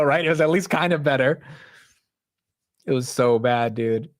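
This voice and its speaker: A man's voice: medium pitch, a little slow, long pauses. Young man, livestream host, casual chat, rambling, slangy. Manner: animated, rambling, says "bro" and "dude" often. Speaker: stock market livestream host.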